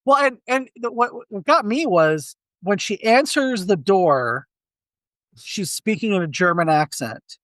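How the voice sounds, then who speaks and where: In a high-pitched voice at a measured pace, a man co-hosting a laid-back movie review podcast tells stories full of restarts. He acts out quotes with animation, and the recording is dry.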